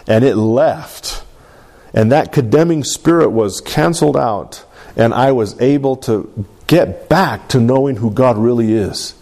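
A man's voice: mid-range voice, mellow. A man preaching a sermon in an earnest storytelling way, calling out to the congregation. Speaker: pastor.

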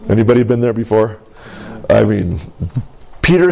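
A man preaching a sermon in an animated call-and-response manner, often asking for an amen and laughing. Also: medium pitch, normal speed. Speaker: pastor.

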